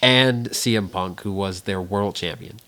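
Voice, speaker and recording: A man's voice: on the low side, measured pace, bright, forceful tone. A man co-hosting a casual podcast chat, explaining things at length in a lecturing way. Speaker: podcast co-host.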